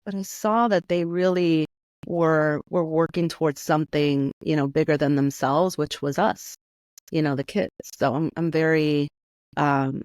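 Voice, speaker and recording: A woman's voice: sits low, a little mellow, dry recording. Middle-aged woman from New York, guest on an interview, chatty and filler-heavy, dry close sound. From New York, USA. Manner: chatty, many fillers like "you know" and "like"; slips into Spanish phrases. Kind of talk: casual conversational interview.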